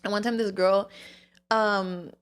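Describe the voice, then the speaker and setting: A woman's voice: mid-range voice, fairly even intonation, takes it slowly, clean tone. A young woman co-hosting a podcast in casual chat, talking candidly with lots of swearing and filler "like"s. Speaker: podcast co-host.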